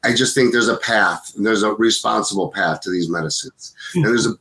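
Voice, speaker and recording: A man in his fifties co-hosts a podcast, talking casually and rambling with plenty of fillers. His voice is lowish and sharp in tone, and he speaks briskly.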